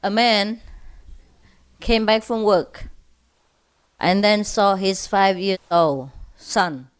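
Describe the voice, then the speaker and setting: Slow, chuckling woman telling jokes. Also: mid-range voice, clear, resonant tone. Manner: unhurried, chuckling, checks with listeners. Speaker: speaker telling jokes to an audience. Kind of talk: casual storytelling.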